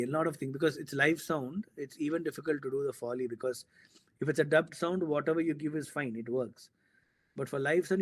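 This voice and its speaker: A man, telling a story as a guest in a casual interview and acting out the dialogue he quotes. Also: medium pitch. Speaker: filmmaker guest.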